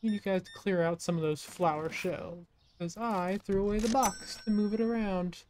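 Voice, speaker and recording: A woman gaming streamer gives casual let's-play commentary in a mid-range, slightly mellow voice with fairly even intonation, at a moderate pace over slight background noise. She cracks jokes and makes chatty asides to the customers in the game.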